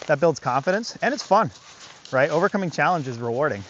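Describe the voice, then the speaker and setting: A man's voice: a little high, expressive, fast, fairly bright tone, muffled recording, slight background noise. A man working as a dog trainer, explaining his methods in casual commentary outdoors by a creek, often asking rhetorical questions and adding "right?".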